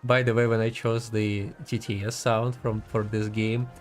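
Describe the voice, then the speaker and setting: A man's voice: lowish voice, little pitch movement, normal speed, faint music behind. Chatty, giggly man streaming a game. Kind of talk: casual gaming commentary.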